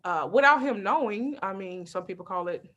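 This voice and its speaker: A young adult woman doing a stand-up comedy set, telling lively stories with constant asides to the crowd. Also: medium pitch, a little fast. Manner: lively storytelling with frequent asides and laughs.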